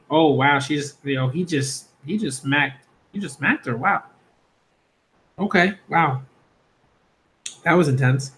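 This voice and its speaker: A man's voice: a little high, a little slow, pauses often, fairly bright tone. A man reviewing a manga in a rambling, chatty live reaction, with slangy asides. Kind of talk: casual live reaction commentary.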